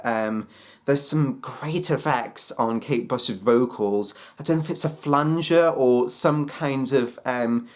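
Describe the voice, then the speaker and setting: A man giving a casual spoken album review, hesitant and full of fillers and restarts. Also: mid-range voice.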